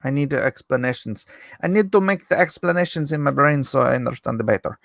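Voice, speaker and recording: A man's voice: mid-range voice, fast, creaky, fairly bright tone, no echo, studio quality. A man hosting a casual livestream, reading viewer comments aloud and chatting back in a rambling, self-deprecating way. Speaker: livestream host.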